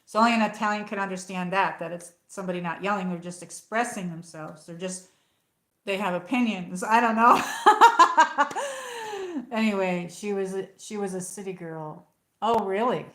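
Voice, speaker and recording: A woman's voice: mid-range voice, a little fast, a bit bright. Chatty woman live-streaming in an echoey room. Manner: chatty, rambling, many fillers. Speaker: livestream host. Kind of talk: casual livestream chat reading comments.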